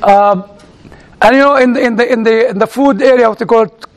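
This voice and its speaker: A man from outside the United States preaching through personal stories, halting and repeating words as he searches, with chuckling asides. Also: very high voice. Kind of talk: sermon told as personal stories.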